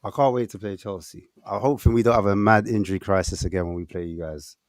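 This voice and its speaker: A man's voice: on the low side, fairly even intonation, fast, no echo, studio quality. A man hosting a casual football chat, teasing his guests and leading with questions. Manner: teasing, steers the talk with questions. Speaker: podcast host.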